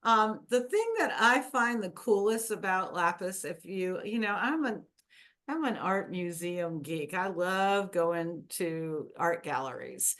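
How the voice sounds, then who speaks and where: Slow-talking woman leading a wellness class. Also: on the low side, animated, fairly bright tone. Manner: chatty, meandering, with fillers and laughs. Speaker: wellness workshop host. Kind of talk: casual teaching to a group.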